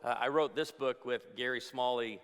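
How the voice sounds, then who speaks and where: A man's voice: mid-range voice, moderate pace, a bit bright, clean tone. A middle-aged male pastor giving a humorous, storytelling conference talk to a crowd. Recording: long hall reverb.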